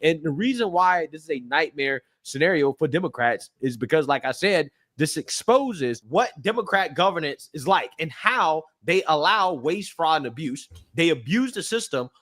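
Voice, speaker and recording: A man's voice: fairly high pitch, expressive, moderate pace, hardly any pauses, fairly bright tone. A man delivering a political commentary segment, emphatic and repeating his points.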